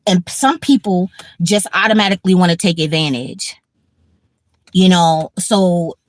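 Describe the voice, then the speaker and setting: A woman's voice: lowish voice, measured pace, no echo. A woman in her fifties, tired and blunt, talking casually on a livestream with profanity and repetition. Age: 50s. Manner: blunt, profane, repeats herself. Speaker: livestream host.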